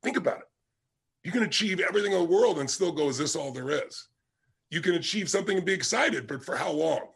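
Middle aged guy giving a pep talk, kinda high voice, husky and breathy, storytelling and emphatic. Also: a bit bright. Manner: emphatic storytelling, punching key words. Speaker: motivational speaker. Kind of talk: motivational talk to an audience.

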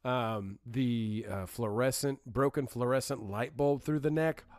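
Brief: male podcast co-host, mid pitch, eager and upbeat, dry close mic. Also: measured pace, a little mellow, dry recording. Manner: enthusiastic, laughs easily. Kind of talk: casual chat.

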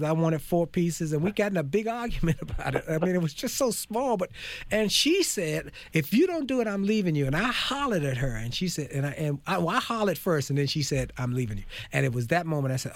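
A man in his fifties hosting a faith-based talk show, speaking in an animated, preachy way and calling out to his audience. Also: on the high side, brisk, dry recording. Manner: preachy, animated, calls out to folks. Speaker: host.

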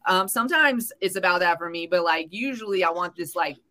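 A woman co-hosting a podcast, telling a story in casual chat, animated and laughing often, acting out the voices she quotes. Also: on the low side, a little fast, very noisy. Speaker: podcast co-host.

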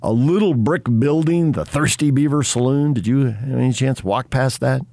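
A man's voice: mid-range voice, moderate pace, creaky, mellow, no room sound. A man hosting a sports radio talk show, chatting casually and teasing his co-hosts. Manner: chatty, teasing, laughs often.

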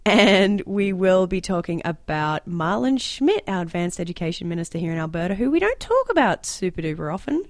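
A woman with a Canadian accent hosting a casual political podcast, chatty and quick to laugh. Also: lowish voice, big pitch swings, no echo. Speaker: podcast host.

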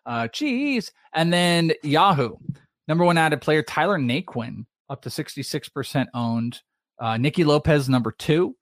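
A man co-hosting a casual fantasy baseball podcast, chatty and quick to rattle off names and ownership numbers. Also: a little high, no echo, studio quality. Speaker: podcast co-host.

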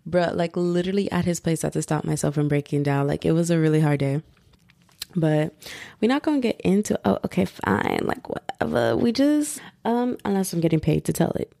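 A woman's voice: deep voice, fairly quick, vocal fry, mellow, no echo, studio quality. A young woman hosting a podcast from home, chatting casually and rambling with lots of fillers. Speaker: podcast host. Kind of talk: casual chat. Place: at home, household noise possible.

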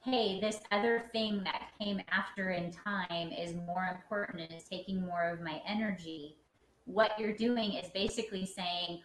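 A woman therapist calmly explaining relationship boundaries in a conversation, often checking that she is understood. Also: medium pitch, moderate pace. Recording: echoey room with faint noise.

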